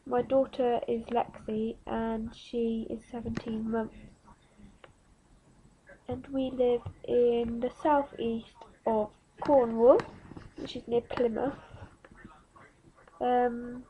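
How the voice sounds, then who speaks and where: Young woman, 19, frank vlog storytelling, slow delivery, faint background hiss. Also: a little high, flat delivery, phone-quality sound. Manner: frank, plain-spoken, slow and unhurried. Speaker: vlogger. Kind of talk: candid personal story to camera.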